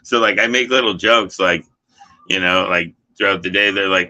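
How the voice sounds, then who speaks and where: A man with a very deep voice that still cuts through with a sharp, forceful brightness. He chats casually, rambling with constant "you know" and "like" and plenty of swearing. He sounds like an everyday worker talking things over. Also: normal speed, highs cut off. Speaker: dishwasher. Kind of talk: casual chat.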